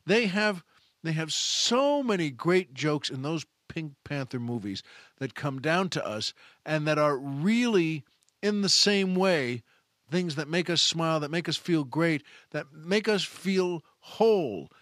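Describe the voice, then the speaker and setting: A fairly high-voiced man spins a casual anecdote as a podcast host, his pitch leaping up and down with enthusiasm. He talks in a chatty way, often restarting his phrases. The recording is dry and close, with no room sound. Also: animated, measured pace, a bit bright, dry recording.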